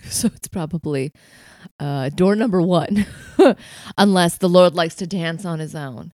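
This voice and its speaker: A woman's voice: on the low side, slow, darkish tone, dry recording. A woman playing in a tabletop game, speaking in a chatty, slightly scattered way. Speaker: player. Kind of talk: casual game chat.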